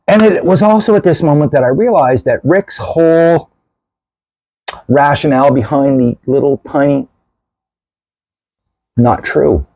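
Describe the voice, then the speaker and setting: A man in casual storytelling mode as host of his own video channel, animated and self-mocking, and sick with a lung infection. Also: a little high, measured pace, long pauses, no echo, low-quality recording. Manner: animated, self-mocking, gestures while telling.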